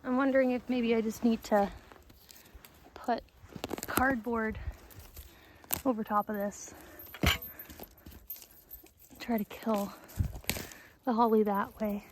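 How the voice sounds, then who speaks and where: A woman's voice: a little high, flat delivery, slow pace, pauses often, noisy background. A woman vlogging outdoors in a wooded yard, chatting casually and thinking aloud, unsure of her plans. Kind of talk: casual vlog walkthrough.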